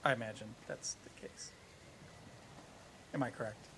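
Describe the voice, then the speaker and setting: A man playing a tabletop game, talking in a halting way as he thinks aloud. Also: mid-range voice, steady tone, sharp tone, slight background noise. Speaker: player. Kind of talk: casual tabletop play.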